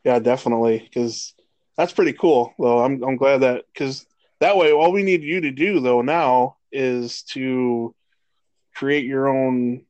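A man in his thirties co-hosting a casual sports podcast, swearing freely and ranting with animated energy. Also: mid-range voice, measured pace, dry recording, dull audio. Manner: profane, animated rants. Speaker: podcast co-host.

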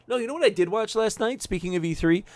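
A man co-hosting a casual podcast, animated and jokey, with sarcastic asides. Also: sits high, quick pace, no room sound. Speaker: podcast co-host.

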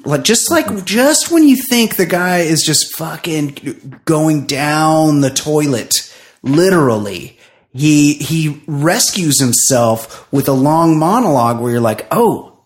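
A man casually recapping a reality show on a podcast, animated and quick to swear, acting out the people he quotes. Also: fairly high pitch. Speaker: podcast co-host.

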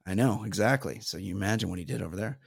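A man's voice: on the low side, fast talker, vocal fry, slightly rough, no room sound, clean studio sound. A man co-hosting a comedy podcast, reading listener mail and rambling while laughing at his own jokes. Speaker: podcast co-host.

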